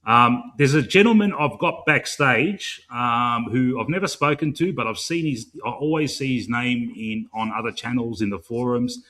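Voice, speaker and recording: A man's voice: mid-range voice, a bit bright. Rambling matey Australian man hosting. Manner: rambling, matey, swears freely, many fillers. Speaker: fan show host. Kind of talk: casual live-stream chat.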